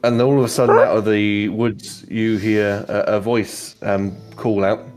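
A man's voice: lowish voice, little pitch movement, unhurried, a little mellow, soft background music. A man narrating a tabletop game as game master, casual and rambling with many fillers.

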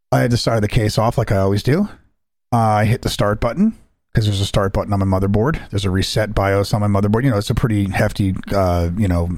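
A man's voice: on the low side, dry recording, clean studio sound. A young adult man hosting a casual chat, telling a story with acted-out quotes and plenty of swearing. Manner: animated storyteller, acts out quotes, swears freely. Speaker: podcast host.

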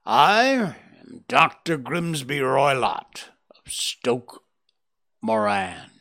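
A man voicing a furious, menacing old doctor who snarls threats in a slow, loud voice. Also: medium pitch, very animated, exaggerated voice. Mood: angry. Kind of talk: dramatic audiobook reading.

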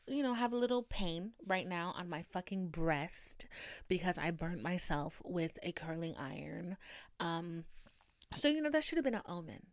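A woman's voice: fairly low pitch, no room sound, studio quality. Profane young woman venting on her podcast. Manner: profane, dramatic, animated storytelling. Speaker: podcast host. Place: home recording setup. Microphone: podcast microphone.

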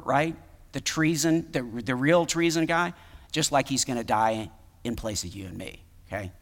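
A man preaching a sermon, reading scripture aloud and breaking off to comment in a conversational way, now and then rising to loud emphasis. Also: mid-range voice, in a large hall. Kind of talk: expository sermon.

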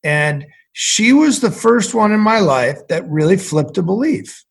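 Husky animated storytelling man. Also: high voice, unhurried. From central Massachusetts. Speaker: guest. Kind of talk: storytelling conversation.

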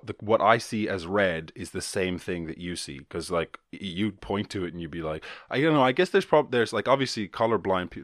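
A man's voice: fairly low pitch, a bit bright, no echo, clean studio sound. A man hosting a solo podcast, rambling and swearing casually with many restarts. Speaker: podcast host.

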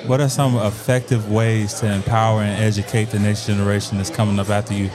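A man's voice: fairly low pitch, little pitch movement. A man hosting a panel discussion, asking questions and chiming in encouragingly. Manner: encouraging, quick affirmations. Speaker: panel host. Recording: music and crowd behind.

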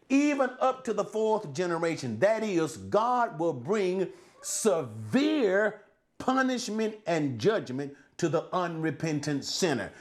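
A man teaching a Bible lesson as a sermon, posing rhetorical questions and then answering them, often repeating and restarting words. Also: sits high. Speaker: preacher.

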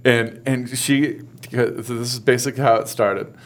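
A man's voice: medium pitch, steady tone, normal speed. A man co-hosting a podcast, telling a rambling story in casual chat, full of fillers and restarts. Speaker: podcast co-host.

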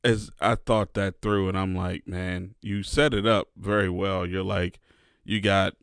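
A man with a low, gravelly voice hosts a relaxed podcast chat. He tells stories in an animated way and acts out the lines of the people in them. The sound is close and dry. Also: measured pace, dry recording. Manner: animated storyteller, acts out quotes. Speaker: podcast host.

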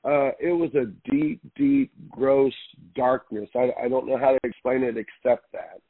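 A pastor appearing as an interview guest tells his testimony earnestly but haltingly, often circling back over his words. His ordinary-pitched voice is very animated, creaky and slightly rough, coming over a thin, tinny, phone-like radio line with no room sound.

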